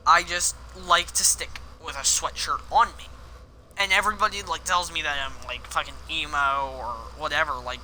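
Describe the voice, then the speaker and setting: Sharp-voiced young man streaming a game. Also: on the high side, normal speed, slight background noise, rough recording. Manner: rambling, candid, swears often at the game. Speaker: gaming streamer. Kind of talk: live game commentary with personal confession.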